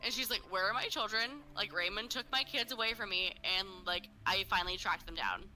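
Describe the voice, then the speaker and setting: A woman's voice: medium pitch, a little fast, pushed and bright, soft background music, poor audio. A woman co-hosting a casual podcast, telling a story full of fillers and swearing and acting out what people said. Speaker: podcast co-host. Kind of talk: casual true-crime podcast chat.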